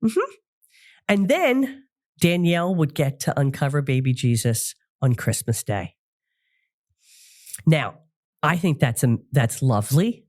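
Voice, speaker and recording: A middle-aged woman hosting a podcast, talking casually and warmly about family memories with frequent fillers and laughs. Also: low-pitched, big pitch swings, takes it slowly, long pauses. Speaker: podcast host and psychic medium. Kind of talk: casual solo podcast talk.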